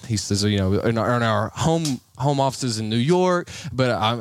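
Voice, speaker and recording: Animated laughing man telling a story. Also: mid-range voice, normal speed, few pauses, clean tone, no room sound, clean studio sound. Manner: animated, laughs often, acts out voices in his story. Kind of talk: casual storytelling chat.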